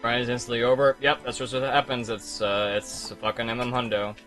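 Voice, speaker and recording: A man's voice: mid-range voice, level tone, fairly quick, a bit bright, faint music behind. A young man streaming a speedrun, talking in a frustrated, rambling way and swearing as he goes over his mistakes. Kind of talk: casual live-stream commentary.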